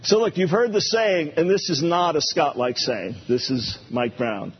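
A man preaching a sermon as a pastor, animated and playful, repeating phrases for emphasis. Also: fairly high pitch, a little slow, slightly rough. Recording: dull lo-fi recording.

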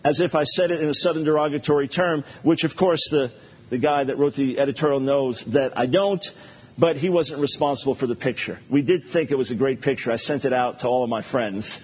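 Male preacher, husky and animated, playful repetition, muffled recording. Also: mid-range voice, brisk. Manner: animated, playful, repeats phrases for emphasis. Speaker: pastor. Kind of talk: sermon. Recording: dull lo-fi recording.

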